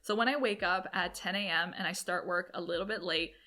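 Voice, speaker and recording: A woman's voice: on the low side, sharp tone. A woman in her twenties giving chatty, upbeat business advice straight to camera. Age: 20s. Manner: chatty, upbeat, quick asides. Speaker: entrepreneur vlogger. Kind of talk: casual talk-to-camera advice.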